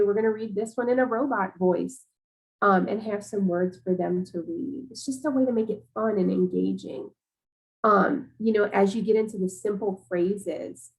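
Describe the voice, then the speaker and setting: A woman walks teachers through classroom practice in an easygoing, chatty webinar voice. She talks casually and fills her pauses with "um" and "you know". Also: mid-range voice, a little mellow, low-quality recording. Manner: casual, conversational, many fillers. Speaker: teacher trainer. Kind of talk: professional development webinar talk.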